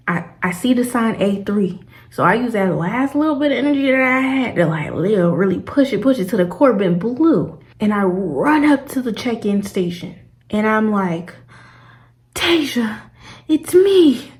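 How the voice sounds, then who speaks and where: A woman's voice: medium pitch, expressive, moderate pace. Young woman vlogging, slangy and dramatic, does the voices of everyone in her story. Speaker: travel vlogger. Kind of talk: animated storytime vlog.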